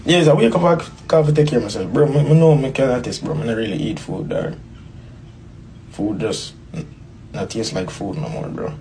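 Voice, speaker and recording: A man's voice: medium pitch, animated, moderate pace, vocal fry, noisy background. A young man telling a personal story in a rambling way, repeating bro and dog. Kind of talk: interview clip, personal story.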